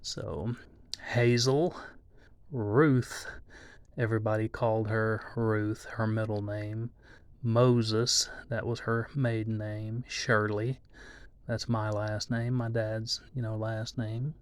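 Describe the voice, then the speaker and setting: A middle-aged man from southeast Texas, reading his mother's obituary to his viewers in a halting voice, with many pauses and restarts. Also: fairly low pitch, level tone, smooth, dry recording. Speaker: channel host.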